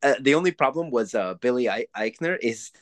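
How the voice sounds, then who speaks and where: A man in his forties co-hosting a podcast, chatting casually and telling profane, animated stories. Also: mid-range voice, a little fast, no echo. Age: 40s. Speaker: podcast co-host. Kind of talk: casual chat.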